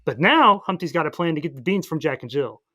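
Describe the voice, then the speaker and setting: A man with a somewhat high voice recaps a film on a podcast. His talk is loose and rambling, full of "and then he's like" as he moves from scene to scene. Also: lively intonation, sharp tone. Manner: rambling, retells scenes with quick voiced asides. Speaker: podcast co-host. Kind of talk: casual plot recap chat.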